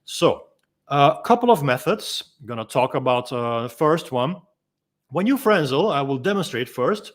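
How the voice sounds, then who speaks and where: A freediving instructor calmly explaining and demonstrating techniques in a gentle, unhurried way, pausing often with ums. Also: male voice, mid-range voice. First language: Dutch. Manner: calm, gentle explaining with frequent ums and pauses.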